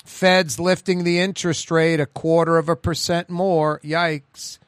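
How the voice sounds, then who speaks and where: A man's voice: on the high side, flat delivery, measured pace, clean tone, no echo. New Orleans-accented male radio host, rambling and chatty, dry close sound. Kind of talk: casual radio talk.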